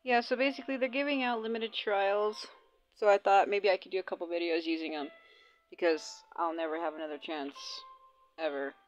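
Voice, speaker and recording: A woman's voice: lowish voice, steady tone, brisk. Young woman gamer chatting and swearing over her gameplay, kinda dull lo-fi sound, faint game music. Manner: casual, profane, chatty. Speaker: gaming channel host. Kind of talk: casual gameplay commentary.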